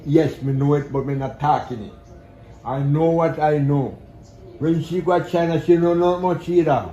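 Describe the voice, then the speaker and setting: A man's voice: fairly high pitch, steady tone, normal speed, dark tone, echoey room, dull audio. An older man with a Jamaican accent, speaking in blunt patois. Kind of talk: casual chat.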